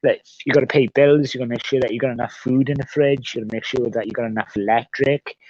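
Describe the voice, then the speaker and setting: A man's voice: medium pitch, fairly even intonation, fast, a little mellow. A man livestreaming in casual chat, rambling and swearing often as he repeats himself. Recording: dull, dry sound.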